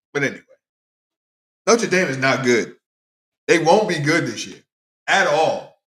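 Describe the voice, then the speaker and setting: A man hosting a casual sports talk show, talking in an animated way and answering viewers by name. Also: fairly high pitch. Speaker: podcast host. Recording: roomy echoey room.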